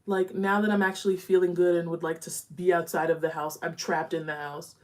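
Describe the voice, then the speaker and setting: A woman's voice: on the low side, little pitch movement, a little fast. A young woman chatting candidly during a live makeup stream at home, talking while she applies eyeshadow. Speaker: beauty vlogger. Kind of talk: casual live makeup chat.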